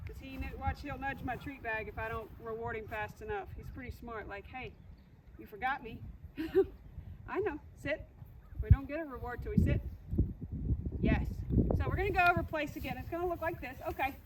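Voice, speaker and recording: Woman dog trainer with a high voice, reassuring and repetitive, heard from a distance over loud background noise. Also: moderate pace. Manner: reassuring, repeats key points. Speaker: puppy trainer. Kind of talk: instructional dog-training walkthrough.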